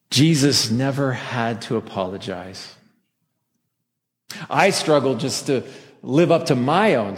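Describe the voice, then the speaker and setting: A pastor delivering a Christmas sermon in a church before a masked congregation, talking conversationally and joking at his own expense. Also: mid-range voice. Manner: conversational preaching with self-deprecating jokes. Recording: long hall reverb.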